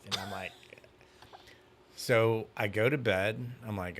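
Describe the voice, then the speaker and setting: Low-voiced man telling a lively story. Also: normal speed, noisy background. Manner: animated anecdote teller. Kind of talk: casual chat, storytelling.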